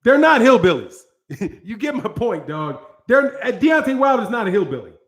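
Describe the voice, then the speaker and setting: A man's voice: sits high, sing-song, moderate pace. An American man hosting a boxing channel, ranting in a casual, profane, slangy way with plenty of rambling and restarts. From United States.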